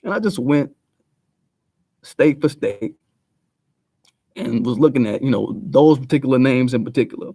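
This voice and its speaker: A man's voice: medium pitch, normal speed, gravelly, long pauses, husky, dry recording. Blunt profane man ranting to camera. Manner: blunt, profane, street slang, animated swings in loudness. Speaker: video commentator.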